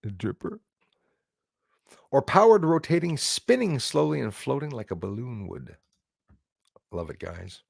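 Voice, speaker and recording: A man's voice: mid-range voice, sing-song, unhurried, creaky, long pauses, darkish tone, breathy edge, dry recording, clean studio sound. A man hosting a livestream, chatting in a rambling way and thanking viewers by name. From Canada. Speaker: livestream host. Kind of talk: casual livestream chat.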